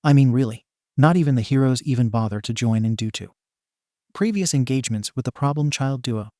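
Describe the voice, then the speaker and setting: A man's voice: mid-range voice, a little fast, mellow, dry recording, studio quality. Man narrating a comic fan story. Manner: wry, playful asides.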